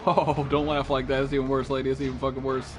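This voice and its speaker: A man streaming a horror game, panicking, yelling and swearing heavily as he plays. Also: mid-range voice, little pitch movement, fast talker, background noise. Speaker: gamer streamer. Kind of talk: horror game live commentary. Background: game music and sound effects.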